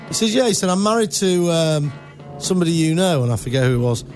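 A man's voice: on the high side, expressive, quick pace, soft background music. A man hosting a radio show in casual chat, telling rambling stories and laughing at his own jokes. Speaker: radio host. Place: radio studio.

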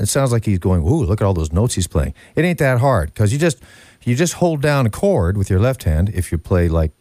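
A low-pitched man on a studio broadcast mic, talking as a radio DJ. He rambles in a loose, folksy way, breaking off to hum notes as he explains the music. The sound is bone dry, with no room around him. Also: a little mellow, no room sound. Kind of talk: casual on-air music explainer.

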